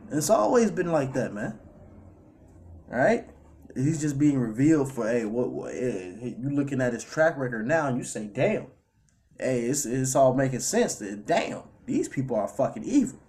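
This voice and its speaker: A man's voice: mid-range voice, warm tone, slight background noise. A man preaching a casual sermon, reading scripture and tacking on "all right" and "man" as he goes. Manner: loose, repetitive fillers like "all right" and "man", reads scripture aloud. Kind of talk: casual street-style sermon over clips.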